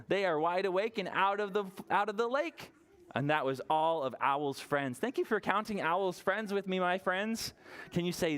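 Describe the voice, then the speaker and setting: A woman librarian leading toddler story time, cheerful and encouraging, speaking slowly and plainly to small children in a library story room. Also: fairly low pitch.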